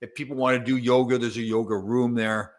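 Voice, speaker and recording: A man hosting a casual chat, telling stories in a halting, rambling way full of restarts and fillers. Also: medium pitch, flat delivery. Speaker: podcast host.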